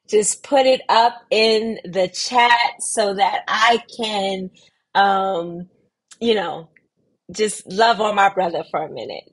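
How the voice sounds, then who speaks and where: A middle-aged woman hosts a casual livestream, her pitch sitting in a middle range. She talks at an unhurried, deliberate pace, stretching words out for emphasis. She greets viewers warmly and reads their comments aloud with affection. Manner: slow, drawn-out emphasis with lively pitch lifts. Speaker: host of a weekly community livestream.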